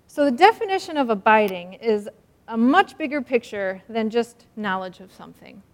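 A woman's voice: on the high side, lively intonation, normal speed. Earnest woman preaching in a reverberant hall. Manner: earnest and emphatic, acts out stories. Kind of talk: sermon.

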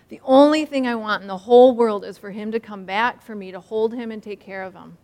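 A woman's voice: medium pitch, long reverb tail. A woman preaching a sermon, earnest and emphatic, acting out a story as she teaches. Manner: earnest and emphatic, acts out stories.

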